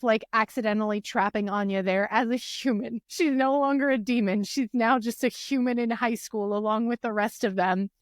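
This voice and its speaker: A woman's voice: on the high side, no room sound, studio quality. A woman co-hosting a casual podcast chat, telling stories with feeling and acting out the lines she quotes. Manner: animated storyteller, acts out quotes. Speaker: podcast co-host.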